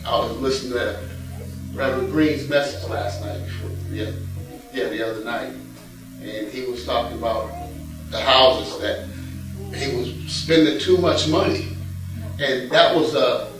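Slow-preaching pastor in an echoey church. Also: male voice, mid-range voice. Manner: folksy preaching, repeats a catchphrase, reads scripture aloud. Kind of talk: sermon. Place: church sanctuary. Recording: echoey church hall from a distant mic with faint music.

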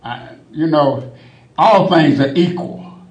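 A man preaching a sermon, working in a refrain of "glory to God" between phrases and rising to shouts. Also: on the high side, slow. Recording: echoey room, mic at a distance.

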